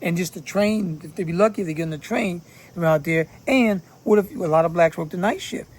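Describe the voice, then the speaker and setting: A man's voice: high voice, a little fast, a little mellow. A man from Philadelphia giving casual commentary, talking bluntly in profane street slang. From Philadelphia, USA. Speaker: channel host giving commentary.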